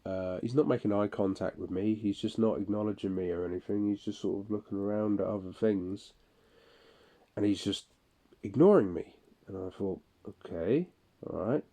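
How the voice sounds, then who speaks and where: A man talking through a personal audio-diary monologue in halting, broken phrases full of restarts. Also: on the low side, flat delivery, mellow. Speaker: audio diarist. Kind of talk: personal monologue recalling incidents.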